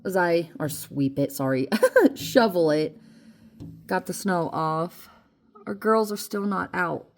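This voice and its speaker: A woman's voice: fairly low pitch, slow pace, pauses often. Chatty rambling woman vlogger. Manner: chatty, rambling, emotional and upbeat. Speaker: vlogger and rideshare driver. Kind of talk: casual vlog chat.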